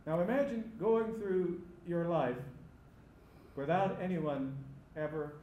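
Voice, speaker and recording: Male preacher, slightly high voice, emphatic delivery, echoey sanctuary sound. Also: expressive, slow, mellow, a little hiss or hum. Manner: emphatic, rising to cries on quoted lines. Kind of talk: sermon.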